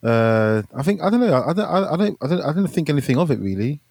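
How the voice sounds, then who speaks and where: A man's voice: a little high, big pitch swings, fast talker, vocal fry, darkish tone, no room sound. A man co-hosting a podcast, talking casually about a film and stumbling over repeated words. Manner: hesitant, repeats words when unsure. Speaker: podcast co-host. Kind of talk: casual film review chat.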